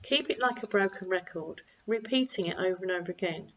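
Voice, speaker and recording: An older woman, a parenting coach, giving calm advice to camera and acting out bits of dialogue. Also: fairly low pitch, fairly quick, a little hiss or hum. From United Kingdom. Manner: calm, repetitive, acts out quoted dialogue. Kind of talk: direct-to-camera advice talk. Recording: slightly dull lo-fi recording.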